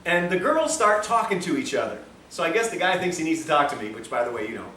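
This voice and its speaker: A man's voice: fairly high pitch, sing-song, fast, bright, forceful tone, slight background noise. A man giving a lecture at a health institute, telling a story in a chatty, joking way full of self-mocking asides. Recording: echoey room, distant mic, faint ambience.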